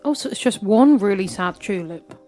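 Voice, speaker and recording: A woman playing a tabletop fantasy game with friends. Her voice sits at a middle pitch, and she talks in a chatty, jokey, slightly apologetic way. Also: expressive, normal speed, mellow, soft background music. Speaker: player. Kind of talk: tabletop role-play chat.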